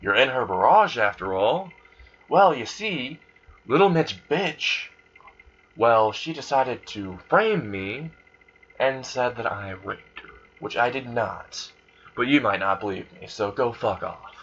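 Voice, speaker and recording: A man's voice: medium pitch, animated, slow, a bit bright, a little hiss or hum. A man voicing a cold, threatening teenage male student who talks bluntly and mockingly, on a dull lo-fi recording. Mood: bitter.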